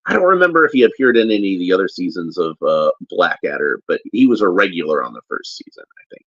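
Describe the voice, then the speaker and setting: A man giving casual, halting unboxing commentary as a toy reviewer, often restarting as he handles a figure. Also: deep voice, very animated, a bit bright, dry recording. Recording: dull lo-fi recording.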